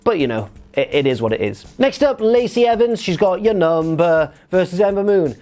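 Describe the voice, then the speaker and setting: A man's voice: high-pitched, expressive, moderate pace, dark tone, faint music behind. A man giving a casual, chatty review, with wry and sarcastic asides. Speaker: wrestling show reviewer.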